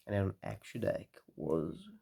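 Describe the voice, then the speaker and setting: A tired man talking casually through a card game deck, relaxed and rambling with lots of fillers. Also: sits low, measured pace, creaky, breathy edge.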